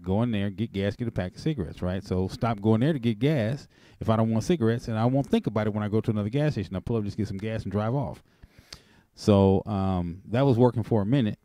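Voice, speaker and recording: A man hosting a call-in show, telling a personal story in a rambling, animated way with chuckles. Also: sits low, no room sound. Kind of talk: casual testimony on a call-in show.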